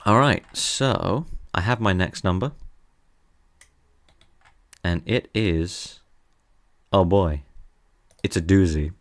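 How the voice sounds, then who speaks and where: A man's voice: low voice, takes it slowly, long pauses. A young man streaming from his desk, teasing his chat in a playful, casual way.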